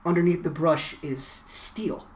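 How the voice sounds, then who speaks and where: A woman podcast co-host with a very low voice walks through the plot step by step, with dry little comebacks. Her telling is steady and unhurried. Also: a little hiss or hum. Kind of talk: casual chat recapping a TV episode.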